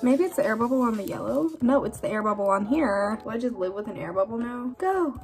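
A young woman chatting casually through an unboxing vlog at home, excitable and self-deprecating. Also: medium pitch, fast talker, faint music behind. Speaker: vlogger. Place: home workspace.

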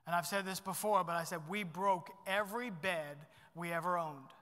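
A middle-aged pastor preaching a sermon in a church, animated and swinging between loud bursts and hushed asides. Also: male voice, high voice, normal speed, long reverb tail.

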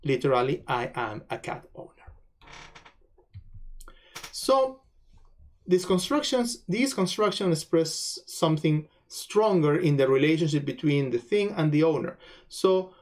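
A man speaking in a slightly high voice gives a recorded language lesson. He says each phrase twice, adds its translation, and stops now and then with fillers to look for the right word. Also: lively intonation, darkish tone. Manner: pauses to search for words, many fillers. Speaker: language lecturer.

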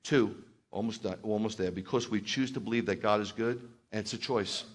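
The middle-aged male rabbi's sermon is conversational, delivered a little fast in a fairly low-pitched voice. Soft asides give way to loud, excited outbursts.

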